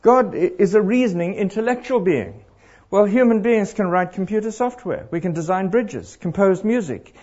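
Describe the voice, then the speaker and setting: High-pitched animated guy preaching, a bit husky, dull lo-fi recording. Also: normal speed. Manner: animated, asks the crowd questions. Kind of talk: interactive sermon.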